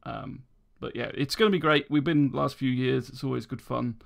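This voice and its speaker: A British man hosting a fan podcast, talking in an easygoing, unhurried way. His voice has a gravelly edge at mid pitch. He fills his pauses with ums and laughs easily. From Britain. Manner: laid-back, chuckling, lots of ums. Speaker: podcast host. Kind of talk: casual podcast chat.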